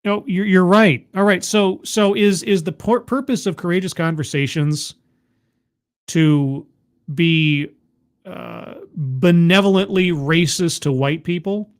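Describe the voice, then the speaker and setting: Man, high-pitched voice, livestream host, casual reaction commentary, sarcastic, stammering restarts. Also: slow pace.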